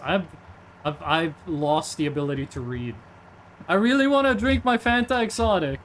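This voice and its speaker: A man's voice: on the high side, moderate pace, a bit bright, slight background noise. A man in his twenties streaming a game, rambling casually, reading chat aloud and tossing in jokey asides.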